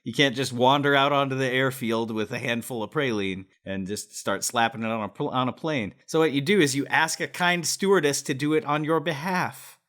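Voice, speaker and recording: A man co-hosting a comedy podcast, riffing in a dry, deadpan way. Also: mid-range voice, a little fast, hardly any pauses. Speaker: co-host. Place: remote, not in the same room as co-host.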